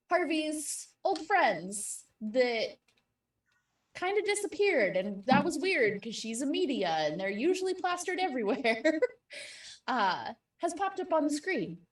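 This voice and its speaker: Woman GM, slow, filler-heavy narration, set back from the mic in a roomy room. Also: a little high, distant mic. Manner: slow, laughing, with many fillers. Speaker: game master. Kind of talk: narrating a tabletop game.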